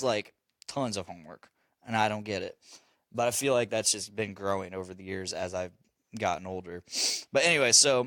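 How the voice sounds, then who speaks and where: A man's voice: lowish voice, pushed and bright, dry recording. A man telling a parenting story on a casual podcast, swearing and laughing as he goes. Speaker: podcast host; father.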